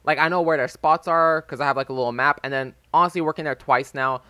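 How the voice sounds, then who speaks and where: Chatty young man, bright and dry. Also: on the high side, steady tone, fast talker, smooth, no room sound. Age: early 20s. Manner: rambling, loose and chatty, full of "like" and "um". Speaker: gaming YouTuber. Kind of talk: casual storytelling over gameplay. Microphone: desk microphone with a phone as backup.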